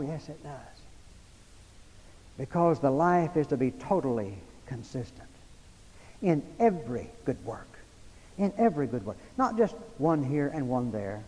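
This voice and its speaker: A man's voice: fairly high pitch, warm tone, in a large hall, rough recording. A male preacher delivering a sermon, building emphasis through repeated phrases. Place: church sanctuary.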